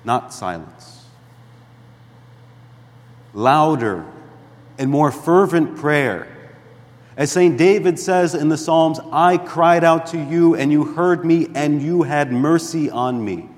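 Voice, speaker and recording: A man preaching a sermon as a priest in a church, deliberate and emphatic, dropping to a hush at times. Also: on the high side, long reverb tail. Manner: slow, deliberate preaching with emphatic rises and hushed drops.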